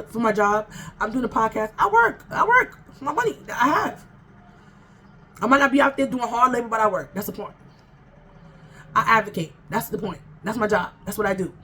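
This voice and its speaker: A woman's voice: on the high side, bright, forceful tone, slight background noise. A woman vlogger telling a storytime in an exasperated, emphatic, repetitive way. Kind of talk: casual storytime rant.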